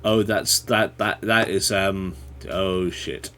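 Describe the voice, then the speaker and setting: A man's voice: low-pitched, steady tone, very slow, pushed and bright. A man chatting casually to his viewers while playing a game on a livestream, rambling and swearing when startled. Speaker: streamer. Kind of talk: casual gaming livestream chat.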